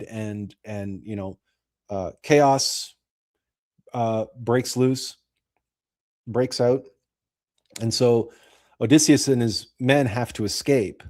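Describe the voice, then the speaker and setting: A man hosting a show, retelling and explaining a classic story in a deliberate, explanatory way. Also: medium pitch, darkish tone. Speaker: host.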